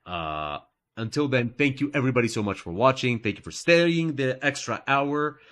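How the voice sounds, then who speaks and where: A man's voice: medium pitch, animated, moderate pace, fairly bright tone. A man hosting a live art stream in casual chat, playful and jokey, often laughing at himself.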